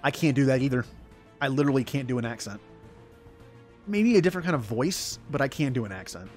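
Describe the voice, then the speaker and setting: A man's voice: medium pitch, expressive, fast talker, soft background music. Rambling self-deprecating male game streamer. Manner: rambling, self-deprecating chatter over gameplay. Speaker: gaming streamer. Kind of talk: casual let's-play commentary.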